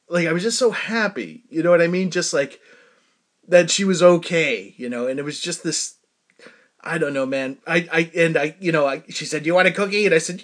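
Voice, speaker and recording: Middle-aged male host, somewhat high and very animated, casual rambling storyteller with fillers. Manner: rambling, frequent fillers, bursts of laughter. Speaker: show host.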